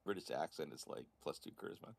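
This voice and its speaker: A man's voice: rumbling low, lively intonation, fast, vocal fry, a little hiss or hum. An American man, the game master, chatting casually out of character with his players in a wry, blunt way and swearing freely. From United States. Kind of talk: casual out-of-character table chat.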